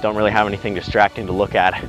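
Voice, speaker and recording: A man's voice: on the low side, little pitch movement, very fast, fairly bright tone, poor audio. Young man, vlogger, rambling blunt storytelling, swearing, outdoor walk, windy camera audio, music underneath. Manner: rambling, blunt, swears freely, acts out quoted lines. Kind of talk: casual storytelling while walking. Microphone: handheld camera.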